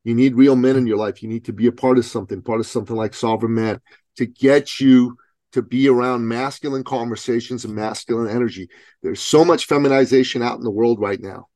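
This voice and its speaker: A man's voice: mid-range voice, darkish tone, no room sound. A man in his forties talking bluntly and emphatically, with frequent swearing, in a casual podcast conversation over a video call. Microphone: remote video call.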